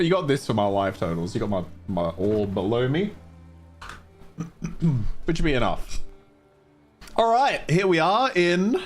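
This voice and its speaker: A man streaming a game casually, chatting with viewers and swearing now and then. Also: medium pitch. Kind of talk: casual gameplay livestream.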